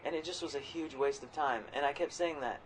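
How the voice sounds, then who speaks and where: Man, podcast co-host, casual chat, rambling and profane, slightly high pitch, faint background hum. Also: fairly quick, poor audio. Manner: rambling, profane, swings into loud quoted voices.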